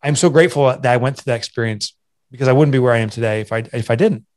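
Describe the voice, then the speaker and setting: A man's voice: medium pitch, rapid-fire, darkish tone. Earnest man sharing a hard story. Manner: earnest, confessional, restarts often. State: emotional, voice catching. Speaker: guest, entrepreneur and author. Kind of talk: candid interview storytelling.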